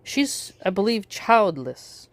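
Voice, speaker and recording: A woman's voice: mid-range voice, very animated, slow pace, no echo. A woman giving casual spoken commentary in a sarcastic way, full of rhetorical questions. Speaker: political commentator.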